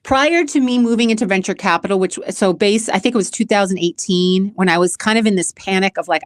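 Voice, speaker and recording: A woman's voice: mid-range voice, quick pace, hardly any pauses, no echo, clean studio sound. A middle-aged woman hosting a self-help channel, telling a personal story in a candid, emotional way, often repeating herself and talking straight to her viewers.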